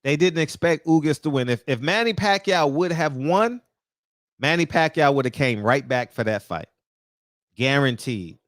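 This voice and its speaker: Man, high-pitched, animated preachy rant, dry close mic. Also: moderate pace, dry recording. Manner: animated, preachy, talks straight to the viewers. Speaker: boxing commentator. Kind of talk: casual opinion rant.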